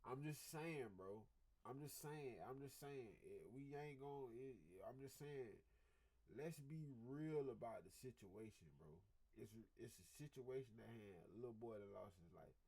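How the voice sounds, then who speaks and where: A man's voice: medium pitch, normal speed, a little mellow, husky, low-quality recording. A man giving blunt, slangy reaction commentary on stream, repeating himself and acting out what he would have said.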